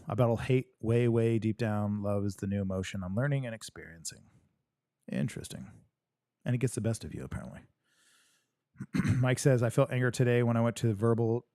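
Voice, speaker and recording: A man hosts a live stream and talks straight to his viewers, blunt and joking, with plenty of swearing. His voice sits low and sounds warm and relaxed. The sound is dry and close, with no room around it. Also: dry recording. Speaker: podcast host reading live chat. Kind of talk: casual livestream chat.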